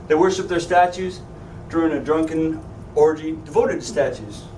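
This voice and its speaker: A man's voice: on the high side, moderate pace, darkish tone, a little hiss or hum. A man teaching a Bible class, joking and asking his students questions. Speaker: Sunday school teacher. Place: church classroom. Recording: echoey room, voice from a distance.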